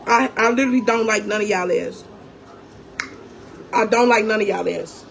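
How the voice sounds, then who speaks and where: A woman's voice: medium pitch, normal speed, gravelly, a little hiss or hum. A young woman in an angry storytime rant, profane and confrontational, talking straight to her viewers. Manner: calls viewers "gang", talks straight to them. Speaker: vlogger.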